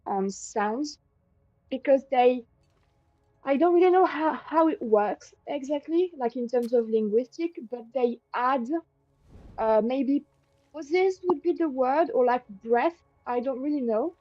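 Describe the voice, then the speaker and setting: A woman with a French accent and French as her first language, tutoring casually and pausing to search for words. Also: sits high, no room sound, lo-fi sound. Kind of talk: casual explaining.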